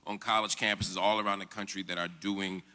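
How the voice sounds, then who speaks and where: A man presenting an award at a public event, speaking earnestly and in a measured, oratorical way. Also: deep voice, little pitch movement, pushed and bright, a little hiss or hum.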